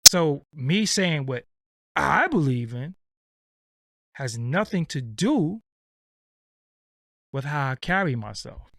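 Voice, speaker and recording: A man's voice: a little high, sing-song, slow pace, creaky, pauses often, bright, forceful tone, no echo. Man, livestream host, blunt, profane, rambling, dry close sound. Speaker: channel host. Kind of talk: casual livestream rant.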